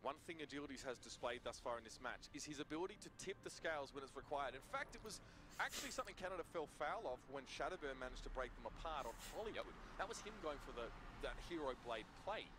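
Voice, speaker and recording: A man's voice: mid-range voice, expressive, quick pace, noisy background. A man with an Australian accent doing live esports play-by-play, wordy with dramatic turns of phrase. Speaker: esports caster. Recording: archived broadcast with clear arena ambience.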